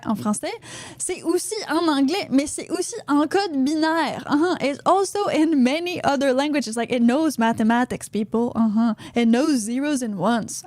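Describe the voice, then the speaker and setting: Woman podcast host, high voice, dry studio sound, chatty with lots of uh-huhs. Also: a little mellow, no echo. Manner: chatty, frequent "uh-huh" affirmations. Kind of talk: casual podcast chat. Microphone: studio podcast mic.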